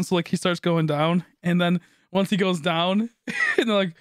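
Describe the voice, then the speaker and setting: Young guy streamer, kinda high voice, rambly and laughing a lot, cussing, dry close sound. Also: normal speed, a bit bright, dry recording. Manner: rambling, laughing often, swearing. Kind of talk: casual storytelling on a live stream.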